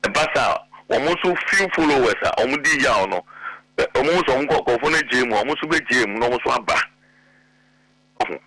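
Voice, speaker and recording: Emphatic Ghanaian man, bright dry voice. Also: medium pitch, animated, normal speed, no room sound, rough recording. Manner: emphatic, mixes Twi and English. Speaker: guest politician. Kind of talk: animated political talk show.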